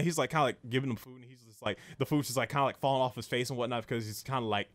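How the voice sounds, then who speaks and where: A man's voice: mid-range voice, fairly even intonation, very fast, a bit bright. A young man casually recapping and reviewing an anime, rambling with many fillers and restarts.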